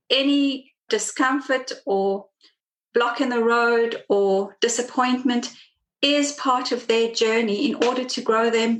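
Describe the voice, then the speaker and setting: A woman podcast guest speaking in a reflective, measured conversational way. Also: fairly high pitch, a bit bright, roomy sound.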